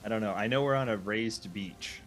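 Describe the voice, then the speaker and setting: A man with a fairly low voice chats casually as a player at a tabletop game. He is relaxed and jokey, and faint music plays in the background. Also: a little fast. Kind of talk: casual chat while playing a tabletop game.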